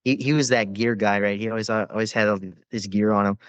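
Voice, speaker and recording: A man's voice: on the low side, steady tone, quick pace, no room sound. A man, a former Navy corpsman, telling rambling war stories with lots of swearing and fillers in a casual podcast interview.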